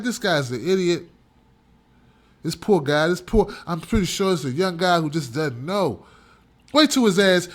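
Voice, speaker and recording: Man, show host, high-pitched voice, emphatic ranting commentary, repetitive. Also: a bit bright. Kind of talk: opinion commentary monologue.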